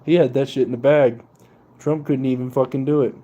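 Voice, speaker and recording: A man's voice: medium pitch, fairly even intonation, a little fast, mellow, muffled recording. A young man ranting casually and profanely, with slang and laughter. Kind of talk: casual political rant.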